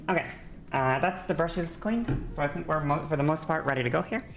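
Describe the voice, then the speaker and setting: Doing her makeup on a stream, a young woman from Northern Ireland rambles along with lots of filler words in a casual tutorial chat. She speaks a bit quickly in a low, expressive voice, and there's some faint background noise.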